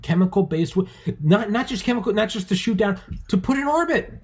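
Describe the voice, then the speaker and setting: A man hosting a podcast from home, talking in a rambling, excitable way with lots of swearing and restarts. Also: high-pitched, fairly quick. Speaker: podcast host. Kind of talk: casual podcast chat. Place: home, with dogs around.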